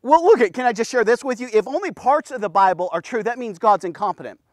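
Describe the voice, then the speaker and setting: A man giving a casual, energetic men's devotional, talking to the listener in punchy bursts and often checking in with "okay?". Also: extremely high pitch, fast talker, no room sound. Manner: punchy, keeps asking "okay?", bursts of loud exclamations. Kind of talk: casual energetic Bible teaching.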